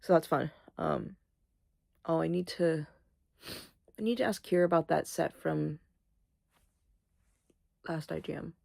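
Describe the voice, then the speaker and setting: Young woman, vlogger, sleepy, sniffly, rambling, swearing, dry close sound, low voice. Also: a little slow, vocal fry, long pauses, a little mellow, no room sound. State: sleepy, yawning; sniffly, congested. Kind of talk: casual vlog chat.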